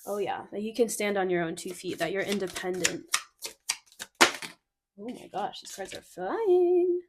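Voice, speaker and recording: A woman's voice: mid-range voice, moderate pace, background noise. Young woman doing a chatty tarot reading, giggly and gushy, says like a lot, kinda flustered, medium voice. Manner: excitable and giggly, lots of "like" fillers; gushing, slightly flustered. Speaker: tarot card reader. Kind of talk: casual intuitive card reading.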